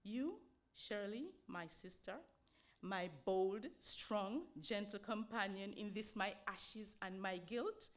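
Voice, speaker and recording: A woman giving a slow, solemn, expressive reading of a poem. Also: medium pitch. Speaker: poetry reader. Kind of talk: dramatic poetry reading.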